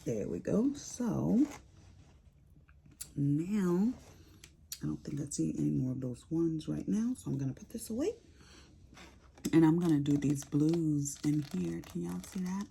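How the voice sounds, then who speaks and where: A woman's voice: low-pitched, expressive, measured pace, creaky, pauses often, mellow, a little hiss or hum. A woman chatting casually while she does a craft on camera, sassy and rambling as she tells stories. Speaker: crafting vlogger. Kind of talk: casual chat while diamond painting.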